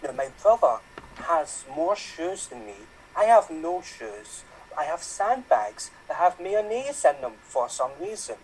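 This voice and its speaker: A man performs a mock-dramatic improvised monologue over a video call. His fairly high voice swings lively up and down, with a faint hiss behind it. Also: a little slow, poor audio.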